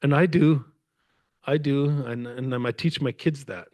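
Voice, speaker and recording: A man's voice: medium pitch, normal speed, dry recording. Male guest speaker from Canada, loose rambling storyteller with frequent laughs, dry close sound. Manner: rambling, animated, laughs often. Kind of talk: conversational storytelling. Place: lecture event with audience.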